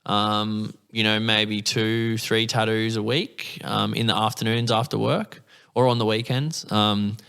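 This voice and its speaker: A man's voice: fairly low pitch, measured pace, vocal fry, clear, resonant tone. A young Australian man telling stories in a casual interview, swearing freely and acting out quotes from others. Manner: swears freely, animated anecdotes with acted quotes. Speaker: guest.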